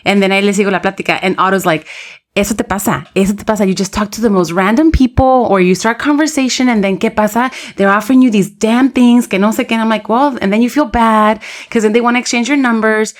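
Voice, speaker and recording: A woman in her thirties co-hosting a casual chat show, telling lively stories and mixing English and Spanish. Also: mid-range voice, quick pace. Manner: lively storyteller, code-switches between English and Spanish. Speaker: podcast co-host.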